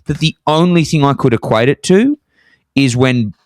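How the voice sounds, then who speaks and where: A man spinning a story to his co-host in casual podcast talk. He gets animated and leaps into a high voice to stress a point. The sound is dry and close. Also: normal speed, no echo. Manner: animated, jumps high in pitch for emphasis. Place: apartment in Scotland.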